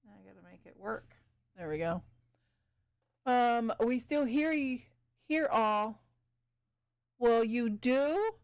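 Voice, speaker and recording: A woman's voice: fairly high pitch, expressive, slow, pauses often, darkish tone, clean tone. A woman streamer chatting casually with her viewers while she paints and fixes her stream setup. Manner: chatty, talks to chat while working.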